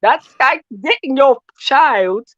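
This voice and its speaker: A male caller ranting about football, loud and animated, who keeps asking "yeah?" between points. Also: extremely high pitch, slow, no room sound, lo-fi sound. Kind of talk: call-in football rant.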